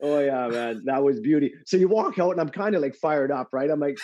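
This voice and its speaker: A middle-aged man, a former pro athlete, chatting as a podcast guest and telling an animated anecdote, laughing often and swearing now and then. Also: on the high side, brisk, few pauses. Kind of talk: casual chat, storytelling. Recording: slightly dull lo-fi audio.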